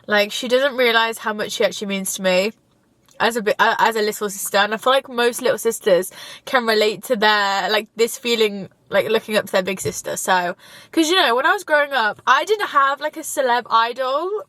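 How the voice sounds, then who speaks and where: A woman's voice: fairly high pitch, brisk, a bit bright, no room sound. A young woman, vlogging casually from her car, chatty and gushing, now and then tearful. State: tearful at times. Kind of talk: casual chat while driving. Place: inside a car.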